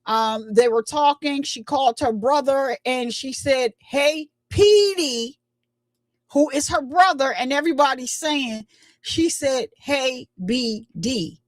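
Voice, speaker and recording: High-voiced woman chatting about a clip. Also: slow, no echo. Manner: chatty, emphatic, retells quotes. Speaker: commentary channel host. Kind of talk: casual commentary on a clip.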